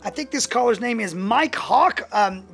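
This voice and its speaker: A co-host on a comedic sports betting show, giving picks with deadpan jokes and crude asides. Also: medium pitch, moderate pace, faint music behind.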